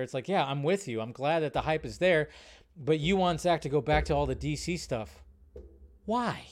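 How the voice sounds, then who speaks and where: A man hosting a live movie news stream, talking casually and rambling as he reads out viewer comments. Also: on the high side.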